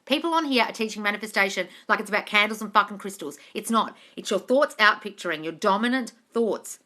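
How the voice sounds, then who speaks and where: A woman's voice: mid-range voice, animated, a little fast, bright, forceful tone. A woman coach hosting a live question-and-answer stream, talking in a blunt, emphatic way with plenty of swearing.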